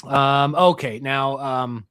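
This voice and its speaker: A man's voice: mid-range voice, slow pace, clear, resonant tone, no room sound, studio quality. A man hosting a live call-in political talk show, joking and mocking with a co-host. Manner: laughing, mocking, lively delivery.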